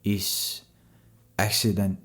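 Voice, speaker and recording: A man voicing a weary, apologetic middle-aged junk man who speaks halting English with a Spanish accent. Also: fairly low pitch, monotone, a bit bright. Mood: pleading.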